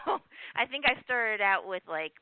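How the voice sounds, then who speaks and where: A woman's voice: mid-range voice, animated, a little slow, smooth, dry recording. A giggly, agreeable woman, a guest singer, chats easily with the host. She sounds tinny, as though on a phone line, with a dry, close sound. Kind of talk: casual interview.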